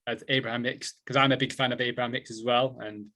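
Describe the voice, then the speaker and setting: A male host asks questions in a reflective, halting way, often restarting his sentences. His pitch sits in the middle range for a man. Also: little pitch movement, sharp tone. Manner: thoughtful, halting, with many restarts. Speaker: interviewer host. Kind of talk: interview conversation.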